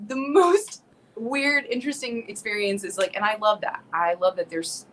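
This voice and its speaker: A woman's voice: mid-range voice, normal speed, a little hiss or hum. A young woman from South Florida, a guest singer-songwriter, chatting casually with lots of likes and restarts. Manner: animated storyteller, many likes and restarts. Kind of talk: casual chat.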